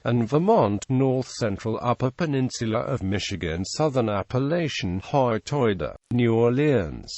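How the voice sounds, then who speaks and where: A man's voice: medium pitch, darkish tone, no echo. A man's voice, possibly text-to-speech, reading an encyclopedia article aloud and working through long lists of place names. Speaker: narrator.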